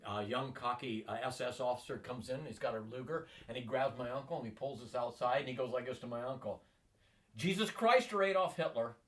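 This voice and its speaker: A man's voice: mid-range voice, quick pace, hardly any pauses, far from the mic. A man in his sixties telling long personal stories in a rambling way, acting out the voices of people he quotes. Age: 60s. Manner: animated, acts out quoted voices. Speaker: interviewee.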